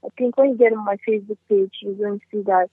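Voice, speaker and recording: A woman's voice: mid-range voice, fairly even intonation, fast, dry recording, narrow, tinny audio. A woman comedian and actress, answering interview questions in a chatty way and often saying "you know".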